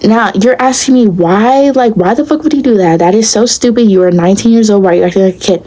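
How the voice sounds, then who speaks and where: A young woman telling a storytime to her viewers in a casual, blunt, profane and animated way. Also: on the high side, quick pace, hardly any pauses, low-quality recording. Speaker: vlogger.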